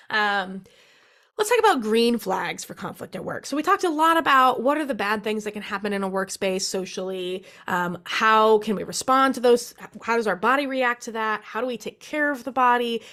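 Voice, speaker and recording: A young adult woman, a licensed therapist, giving a friendly, lively workshop talk with frequent "um"s. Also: on the high side.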